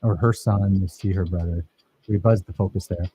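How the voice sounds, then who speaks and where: A man's voice: low voice, steady tone, normal speed, warm tone, a little hiss or hum, low-quality recording. A man teaching a filmmaking workshop, talking casually and enthusiastically over his own footage and praising his students.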